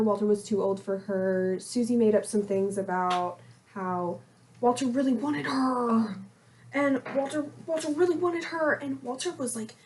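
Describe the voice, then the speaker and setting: A young woman in her twenties co-hosting a podcast, telling a gossipy story in a lively, animated way. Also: fairly high pitch, a little hiss or hum. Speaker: podcast co-host. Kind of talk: casual storytelling chat.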